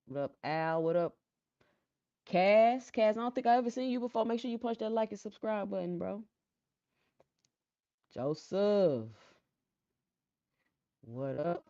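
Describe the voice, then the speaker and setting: A woman hosting a casual live stream who chats with viewers, reads out their comments and often repeats her phrases in a calm, low-key way. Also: a little slow, pauses often, dry recording. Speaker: livestream host. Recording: dull lo-fi sound, dry.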